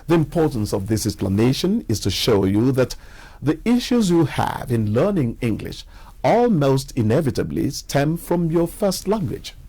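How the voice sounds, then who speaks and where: A man giving a scripted lesson on English pronunciation and demonstrating sounds with slow, deliberate examples. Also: medium pitch, sing-song, mellow, husky. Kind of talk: scripted educational narration.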